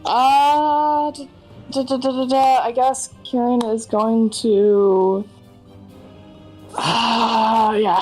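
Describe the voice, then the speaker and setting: A woman player in a tabletop game, calmly declaring her moves and counting out her rolls. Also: medium pitch. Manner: slow, easygoing, counting out dice rolls. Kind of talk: casual tabletop play.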